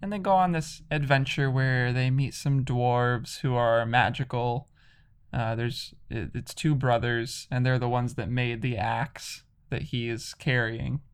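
A man's voice: mid-range voice, steady tone, a little slow, smooth. A man casually retelling a video game's story, rambling with lots of "like".

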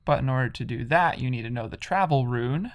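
A man's voice: medium pitch, lively intonation, a little fast. A man casually retelling a video game's story, rambling with lots of "like".

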